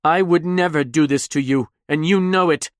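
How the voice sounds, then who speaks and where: A man's voice: a little high, takes it slowly, pushed and bright, no room sound, clean studio sound, voice pushed up. A man voicing a terrified young woman telepath who pleads and breaks down into screams in an audiobook. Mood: pleading.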